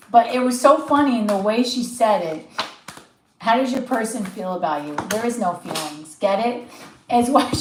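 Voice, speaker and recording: Stuffy tarot lady chatting on a live stream, kinda high voice, roomy echo. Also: a little hiss or hum. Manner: chatty, animated, laughs often, acts out quotes. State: stuffy, sniffling. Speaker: tarot reader livestreaming. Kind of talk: casual livestream storytelling.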